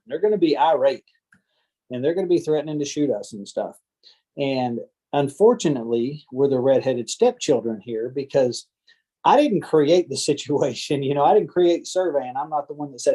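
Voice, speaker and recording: A man's voice: mid-range voice, lively intonation, brisk, mellow, slightly rough, low-quality recording. A man, a land surveyor giving a casual talk on a video-call training meeting, chatty and folksy, acting out the voices of angry homeowners. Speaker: land surveyor giving a talk to a team of real estate agents. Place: home or office on a video call. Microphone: computer or headset mic on a video call.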